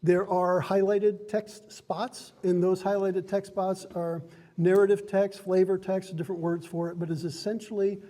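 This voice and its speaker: A man's voice: high-pitched, little pitch movement, moderate pace, mellow, big-room sound. A man acting as dungeon master in a card and game store, explaining rules to new players in a friendly, instructive way. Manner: friendly, instructive, laughs often.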